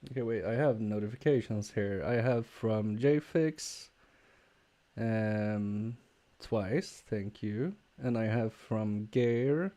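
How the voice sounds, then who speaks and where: Low-ish dark-toned guy chatting slow on a repair stream, lots of ums and restarts. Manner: halting, many fillers and restarts, chuckling asides. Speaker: repair livestreamer. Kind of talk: casual live-stream chat.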